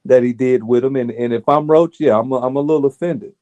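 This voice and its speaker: A man's voice: medium pitch, fast, dark tone, no room sound, dull audio. A man co-hosting a sports podcast, speaking emphatically and repeating phrases for weight. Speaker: podcast co-host. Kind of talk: casual sports chat.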